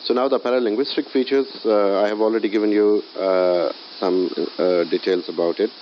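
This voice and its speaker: A man teaching English in a recorded lecture, often pausing with filler sounds as he explains. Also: on the low side, fairly even intonation. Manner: hesitant, many filler sounds. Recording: dull lo-fi audio with faint hiss.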